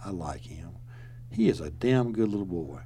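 A man's voice: low-pitched, animated, gravelly, mellow, a little hiss or hum, voice pushed down. A man doing a drunk, boastful old governor. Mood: slurring. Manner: slow, slurred, stumbling speech. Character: drunk older male Southern governor, boastful, rambling.

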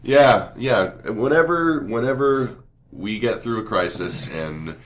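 A man playing a tabletop game, speaking in character in a gruff, blunt way. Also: medium pitch, animated, slow pace. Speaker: player.

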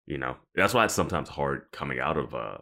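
Casting: male co-host with a very deep, gravelly voice, rambling and casual. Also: lively intonation, quick pace, sharp tone. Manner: rambling, filler-heavy, laughs often. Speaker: podcast co-host. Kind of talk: casual chat.

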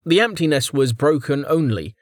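A man narrating a fantasy audiobook chapter with expressive storytelling. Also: fairly high pitch, moderate pace, no echo, studio quality. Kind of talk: scripted narration.

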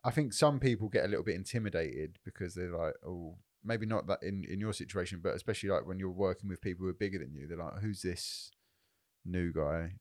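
Low-voiced, thoughtful podcast co-host man. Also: a little mellow, no echo, clean studio sound. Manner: thoughtful, measured, hedging with fillers. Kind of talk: casual chat.

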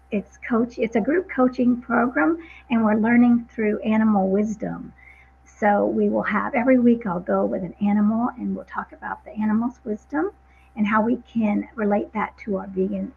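A woman speaking as an interview guest about her coaching work, earnest and motivational, stressing phrases slowly. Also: mid-range voice, creaky, phone-quality sound, a little hiss or hum. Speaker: guest, vegan empowerment coach.

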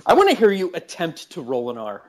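A man's voice: fairly high pitch, wildly swooping pitch, a little fast, a little hiss or hum. A man hosting a podcast in casual chat, joking and playful. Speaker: podcast host.

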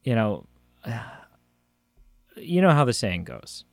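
A man chatting loosely as a podcast co-host, joking and restarting his sentences. His voice sits at an ordinary pitch. The sound is dry and close, with no room in it. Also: wildly swooping pitch, takes it slowly, vocal fry, no echo. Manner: rambling, jokey, trails off and restarts. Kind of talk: casual chat. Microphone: phone that cuts out.

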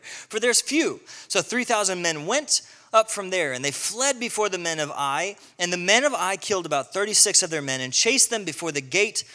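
A male pastor preaching a sermon, telling the story with lively acted-out quotes. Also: on the high side, long reverb tail. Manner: animated storytelling, acting out quotes.

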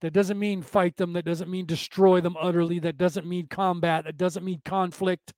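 High-voiced rambling man host. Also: little pitch movement, normal speed, a little mellow, dry recording. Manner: rambling, repetitive, preachy. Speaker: podcast host. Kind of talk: casual spiritual talk.

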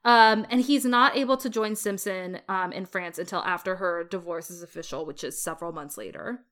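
A woman's voice: on the low side, brisk, fairly bright tone. A woman co-hosting a podcast, recounting history in a chatty storytelling way with playful asides. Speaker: podcast co-host. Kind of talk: casual history chat.

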